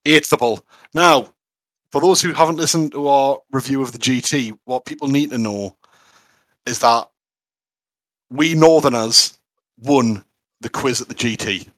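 A man's voice: mid-range voice, unhurried, long pauses, a bit bright, no echo. A man, co-hosting a podcast in enthusiastic casual chat, with lots of fillers. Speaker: podcast co-host.

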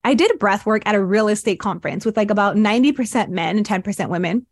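A woman's voice: mid-range voice, expressive, fast talker, no room sound. Earnest woman telling her story, dry sound. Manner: earnest, acts out her own past thoughts in quotes. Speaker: podcast guest, breathwork mentor. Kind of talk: casual interview storytelling.

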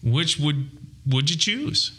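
A man co-hosting a casual gear podcast, chatty and halting, often repeating himself. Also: fairly high pitch, very animated, a bit bright, breathy edge. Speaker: podcast co-host. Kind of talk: casual chat.

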